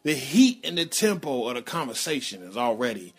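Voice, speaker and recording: A man's voice: mid-range voice, sing-song, brisk, husky, faint music behind. A middle-aged man telling a personal story in a blunt, slangy, rambling way, full of profanity.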